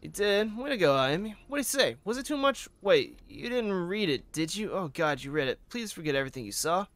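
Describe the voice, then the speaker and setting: A man voicing an excitable young woman working a police front desk, gushing and pleading in a raised voice, recorded dry. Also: high-pitched, fairly quick, no echo, pitched above the performer's own voice, heavily acted. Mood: giddy.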